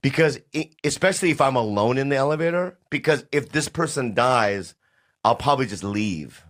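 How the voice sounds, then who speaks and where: A man's voice: medium pitch, expressive, normal speed, fairly bright tone. A man co-hosting a comedy podcast, riffing and acting out silly scenes in frantic voices. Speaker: podcast co-host.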